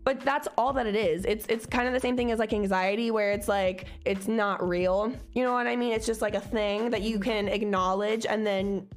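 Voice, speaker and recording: A woman's voice: mid-range voice, fairly even intonation, normal speed, hardly any pauses, faint music behind. A young woman co-hosting a podcast, chatting casually in a loose, profane, confident pep-talk manner. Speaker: podcast co-host. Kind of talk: casual chat.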